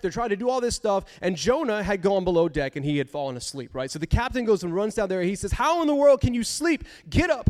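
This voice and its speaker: High-voiced guy preaching, chatty and animated, keeps repeating lines to drive them home. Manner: animated, conversational, repeats phrases for emphasis. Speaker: pastor. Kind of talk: sermon.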